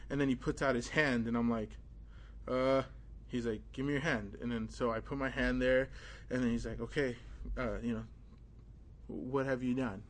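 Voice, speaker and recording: A young man preaching an informal sermon, telling a personal story in a casual, animated way with many fillers. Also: mid-range voice, normal speed.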